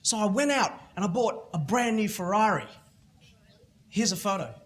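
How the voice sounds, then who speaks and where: A middle-aged man with an Australian accent gives a keynote at a school event. His voice sits somewhat high, and he tells stories with animated energy, slipping into other people's voices as he goes. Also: moderate pace. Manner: animated storytelling, acting out other people's lines. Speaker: motivational speaker. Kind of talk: keynote talk at a school festival.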